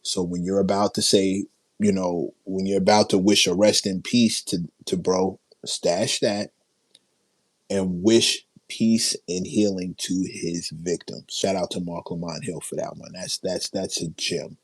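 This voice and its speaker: A man from Queens hosting a casual livestream, reading out viewer chats, his voice strained after a long night of yelling. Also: deep voice, level tone, a little slow, husky, dry recording. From South Jamaica, Queens, New York. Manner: reading and answering viewer chat, with self-interrupting restarts. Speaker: livestream host.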